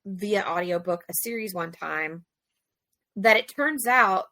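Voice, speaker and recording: A woman co-hosting a podcast in casual chat, telling stories in an animated way with lots of fillers. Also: mid-range voice, unhurried, no echo. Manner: chatty, animated storytelling with many fillers. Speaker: podcast co-host.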